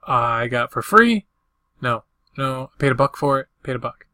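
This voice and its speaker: An older man, an eBay reseller, rambles casually in a show-and-tell vlog, folksily listing the items he resold, what he paid, what each sold for, and the dates. His mid-range voice is expressive and sharp-toned at a moderate pace, and the recording is dry.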